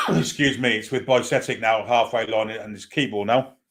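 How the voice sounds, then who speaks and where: A man's voice: medium pitch, huge pitch swings, normal speed, fairly bright tone. A man giving partisan live play-by-play commentary on a football match as a fan, with running asides.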